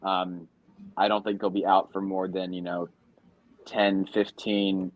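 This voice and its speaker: Low-voiced man chatting on a podcast. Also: flat delivery, unhurried, no echo, highs cut off. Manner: conversational, frequent ums, trails off. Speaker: podcast co-host. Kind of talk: casual sports chat.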